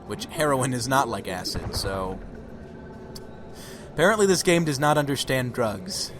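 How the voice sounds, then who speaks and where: Male co-host of a let's play, playful and teasing, expressive delivery over music. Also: mid-range voice, a little slow. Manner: joking, teasing banter. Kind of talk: casual gameplay commentary. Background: game music.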